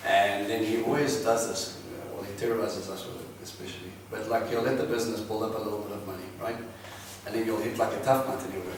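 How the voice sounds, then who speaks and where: A man preaches in an animated, storytelling way, acting out voices in the conversations he recounts. His voice rings through a very echoey church hall, picked up from some distance with a faint hiss underneath. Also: mid-range voice, brisk. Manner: animated, acts out both sides of conversations. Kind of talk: storytelling sermon.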